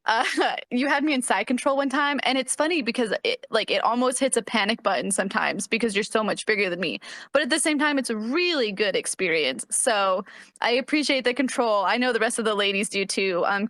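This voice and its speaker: A woman chatting casually on a podcast, relaxed and full of filler words. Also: a little high, no room sound. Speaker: podcast participant, martial arts student. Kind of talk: casual chat.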